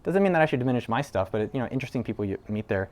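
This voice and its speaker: A man's voice: mid-range voice, animated, rapid-fire, darkish tone. A man hosting his own channel, telling a personal story to camera in a loose, conversational way with filler words and casual swearing. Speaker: entrepreneur video host.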